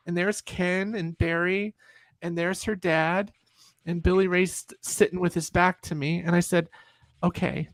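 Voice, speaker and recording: Middle-aged woman, gravelly storyteller, dry close sound, animated and full of restarts. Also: fairly low pitch, dry recording. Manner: animated storyteller, acts out quotes, frequent restarts and fillers. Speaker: guest. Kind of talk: casual storytelling on a group call.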